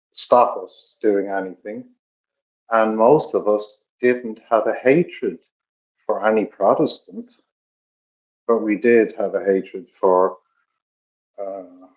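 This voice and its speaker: A middle-aged man from Dublin with an Irish accent, telling stories in a measured, reflective way with many pauses. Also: lowish voice, a little mellow. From Ireland. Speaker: podcast co-host. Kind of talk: reflective storytelling chat. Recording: dull lo-fi recording.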